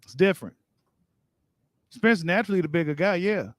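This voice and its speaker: A man's voice: high-pitched, expressive, moderate pace, dry recording, studio quality. A man hosting a boxing live stream, reading viewer comments and giving his take in casual, slangy talk straight to his viewers. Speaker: boxing channel host.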